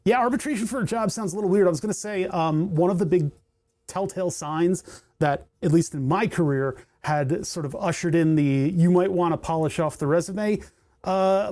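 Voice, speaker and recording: A man's voice: fairly high pitch, warm tone. A middle-aged man hosting a casual livestream while soldering, rambling with lots of fillers and restarts and laughing at himself, from a home workshop. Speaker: livestream host.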